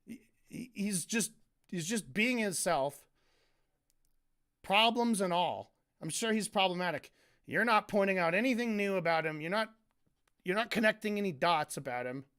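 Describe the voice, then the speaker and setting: A man with a high voice rants on stream about a video he is reviewing. He sounds exasperated and sarcastic, and he swears freely. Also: fairly bright tone. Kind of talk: casual commentary rant.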